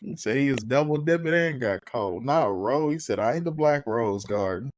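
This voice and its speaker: A man's voice: mid-range voice, expressive, moderate pace. A man hosting a podcast who cuts in with playful, joking remarks in casual chat. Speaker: podcast host.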